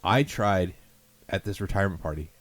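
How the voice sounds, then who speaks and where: A young man hosting a podcast, chatting casually and jokingly, rambling and trailing off into low mumbles. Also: moderate pace, no room sound. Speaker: podcast host. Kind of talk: casual chat.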